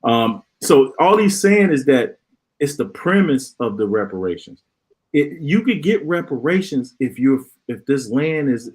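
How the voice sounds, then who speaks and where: A man who hosts a podcast, talking at an average pitch in a heated live-stream debate. He steps in between the others to calm things down. His explanations ramble and are full of fillers. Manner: interjecting, mediating, rambling with many fillers. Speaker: podcast host.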